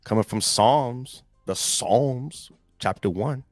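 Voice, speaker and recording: A man's voice: mid-range voice, slow, no room sound, soft background music. A man hosting a casual motivational talk, reading scripture and speaking to listeners in slangy, emphatic bursts. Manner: slangy, emphatic, addresses listeners directly as guys. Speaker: motivational host.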